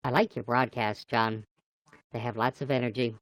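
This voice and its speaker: Low-voiced playful woman livestreamer. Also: fairly even intonation, moderate pace, dry recording. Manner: playful, chatty, greets viewers by name. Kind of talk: casual live chat with viewers.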